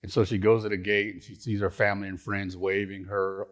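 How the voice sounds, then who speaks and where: A man's voice: lowish voice, level tone, fairly quick. A middle-aged man and retired pastor giving a storytelling conference lecture, folksy and humorous, on a stage mic. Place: conference hall.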